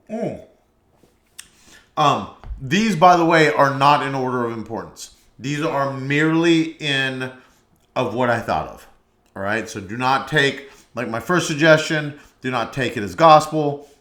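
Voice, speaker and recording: A man's voice: mid-range voice, a bit bright. A man hosting a podcast, giving blunt, profane mock parenting advice in a comedic rant with hesitant fillers. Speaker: podcast host. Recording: roomy echo.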